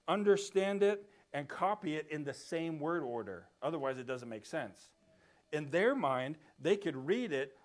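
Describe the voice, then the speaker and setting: Man, Bible class teacher, slightly high voice, casual explainer who keeps checking the class follows. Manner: explains step by step, often checks in with "right?". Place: church classroom.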